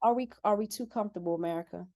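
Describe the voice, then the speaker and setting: A woman guest on a talk show, speaking with passion and swinging between loud outbursts and quiet remarks. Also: mid-range voice, very fast. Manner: impassioned, preachy, swings loud and soft. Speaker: guest co-host. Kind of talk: casual talk-show chat.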